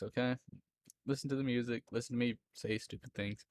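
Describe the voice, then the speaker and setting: A man's voice: medium pitch, animated, normal speed, gravelly, darkish tone, breathy edge, dry recording, studio quality. A young man from Florida with a Southern accent, chatting casually with viewers on a live stream, rambling and laughing often between lines.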